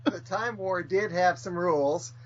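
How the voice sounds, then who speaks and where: Measured man reading feedback. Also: sits high. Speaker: podcast co-host. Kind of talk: reading listener feedback aloud. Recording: slightly dull audio.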